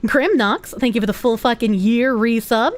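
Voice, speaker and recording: A young woman livestreaming casually, giggly and loud, swearing freely as she reads chat aloud. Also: on the high side, steady tone, moderate pace, a little hiss or hum. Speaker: streamer.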